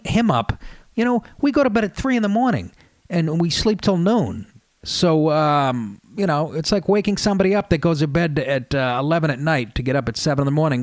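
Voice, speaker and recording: A man's voice: on the high side, no room sound. A man, a comedian hosting a radio show, telling road stories in a rambling, profane way. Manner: profane, rambling, with restarts and laughs. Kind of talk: casual storytelling monologue. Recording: dry radio studio sound.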